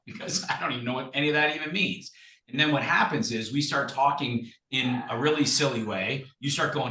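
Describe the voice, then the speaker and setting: A man giving an emphatic, animated coaching talk as a guest, acting out sample conversations. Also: mid-range voice, a little fast. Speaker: guest speaker, recruiting coach. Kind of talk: energetic coaching talk on a video call. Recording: echoey room.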